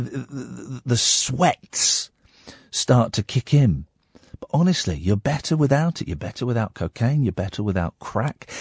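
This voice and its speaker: A croaky, husky man hosting a late-night radio show, his pitch swinging widely as he rambles and rants with a sardonic edge. His voice is recorded dry and close on a studio microphone. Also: darkish tone, no echo.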